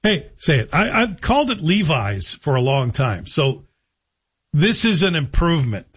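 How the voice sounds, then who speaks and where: Husky, sarcastic middle-aged male radio host. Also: a little high, big pitch swings, a little slow, dull audio. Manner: sarcastic, joking asides. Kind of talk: radio monologue.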